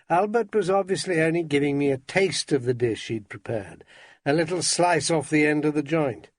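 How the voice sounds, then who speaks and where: A man's voice: a little high, animated, normal speed, dry recording. A man narrating an audiobook in a dry, wry first-person manner.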